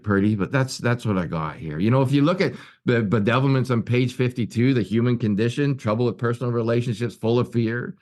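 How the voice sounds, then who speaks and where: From his office at work, a man with a medium-pitched, darkish voice serves as guest speaker at a recovery meeting. His earnest personal share unfolds through stories with many repeated words and restarts.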